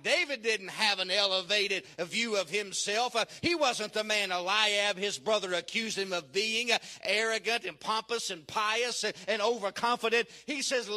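A man preaching a fervent sermon, often dropping in "uh" and rising to shouted climaxes. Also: high-pitched, normal speed. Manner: frequent "uh" fillers.

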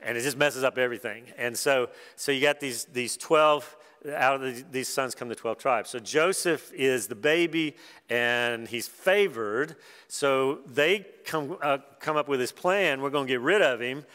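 A man's voice: mid-range voice, unhurried, sharp tone, clear, resonant tone, big-room sound. A man preaching a sermon, retelling a Bible story in a conversational, folksy way with asides.

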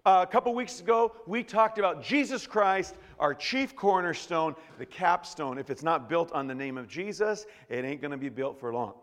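A male pastor delivers a casual, joking sermon, often stopping and restarting his sentences. His fairly high voice rings out with a long reverb in a large church sanctuary. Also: normal speed, hardly any pauses, a bit bright. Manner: jokey, conversational, with many restarts.

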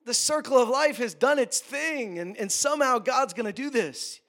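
A man with a notably high voice preaches a sermon. He keeps it conversational, dropping jokes and quick asides as he teaches from the pulpit. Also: a bit bright. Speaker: pastor.

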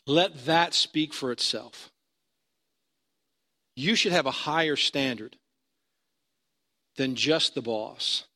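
A man's voice: fairly high pitch, pushed and bright. A male pastor preaching a sermon in a conversational storytelling manner, building to emphatic points.

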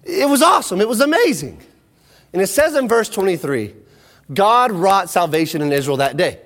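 A man's voice: high voice, normal speed, big-room sound. A man preaching a sermon, retelling a Bible story with energy, acting out the quotes and checking in with his listeners. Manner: energetic storytelling, acts out quotes, asks the audience.

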